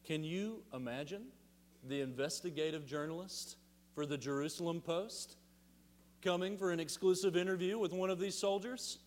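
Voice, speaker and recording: A male pastor preaching a sermon with animated delivery, asking the congregation rhetorical questions and leaning on emphatic pauses. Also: a little high. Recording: long hall reverb.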